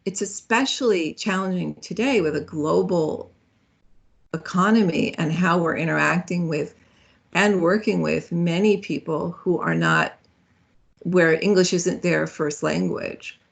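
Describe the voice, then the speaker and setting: A woman's voice: lowish voice, unhurried, vocal fry, breathy edge. A woman speaking as a guest in a speaker series, in a conversational way with fillers and self-corrections.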